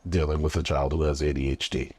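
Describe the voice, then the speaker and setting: A man's voice: very deep voice, little pitch movement, fast, darkish tone, breathy edge, dry recording. A man hosting a casual interview, asking questions in a laid-back way. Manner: laid-back, frequent affirming mm-hmms.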